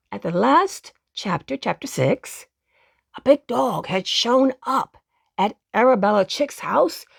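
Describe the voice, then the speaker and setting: A woman reads a children's bedtime story aloud in a gentle, expressive way, turning to the listener with playful asides. She speaks slowly, her pitch rises and falls, and a slight gravel runs through her voice. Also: no room sound, studio quality.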